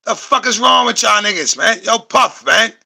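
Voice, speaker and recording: A man's voice: high-pitched, lively intonation, moderate pace, creaky, sharp tone, slightly rough. A man hosting a podcast, reacting to clips with profane, repetitive, rhetorical commentary. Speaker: podcast host reacting to videos.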